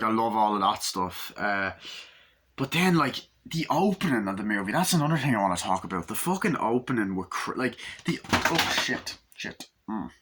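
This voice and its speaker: Young man, movie review, rambling, bright forceful voice, lowish pitch. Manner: rambling, acts out quotes in raised voices, swears casually. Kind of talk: casual movie review recap.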